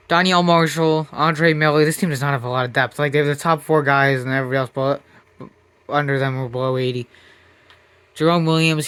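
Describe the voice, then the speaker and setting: A man's voice: fairly high pitch, fairly bright tone, smooth. Rambling young man, gaming commentary. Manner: rambling, self-mocking, reads out rosters. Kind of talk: casual gameplay commentary.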